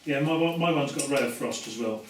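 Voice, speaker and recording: A man plays a tabletop game in a matter-of-fact voice, reading out spell details and planning his moves. He is far from the mic, and the room's heavy echo and steady noise surround him. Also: mid-range voice, fast talker. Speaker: player. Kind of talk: casual table chat. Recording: echoey room, far from the mic, noisy.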